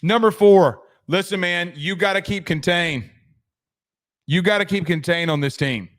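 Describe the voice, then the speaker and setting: Rambling high-voiced sports talk man. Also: measured pace, fairly bright tone. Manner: rambling, joking, trails off into asides. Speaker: sports show host. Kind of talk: casual sports commentary.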